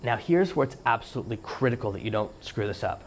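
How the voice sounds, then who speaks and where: Guy doing a solo podcast, talks fast and punchy, plays out bits of dialogue, mid pitch. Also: expressive, slight background noise. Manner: fast-talking, emphatic coaching tone; acts out quoted dialogue. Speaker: podcast host.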